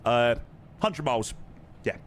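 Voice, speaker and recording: A man's voice: medium pitch, animated, slow, a little hiss or hum. A man with a London accent chatting casually on a live flight sim stream, thanking viewers and answering their questions. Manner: chatty, reads viewer names and questions aloud.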